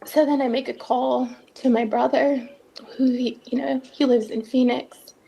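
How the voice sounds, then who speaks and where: A woman's voice: high-pitched, fairly even intonation, a little slow, gravelly, mellow, breathy edge. A woman giving an emotional account in an interview, tearful, her voice breaking at times. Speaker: interviewee recounting a family ordeal.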